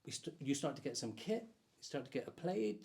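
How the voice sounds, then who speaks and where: A man's voice: on the high side, very animated, fairly quick, vocal fry, darkish tone. A man hosting a casual interview with a friend. He nudges the talk along by recalling memories they share. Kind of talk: casual chat.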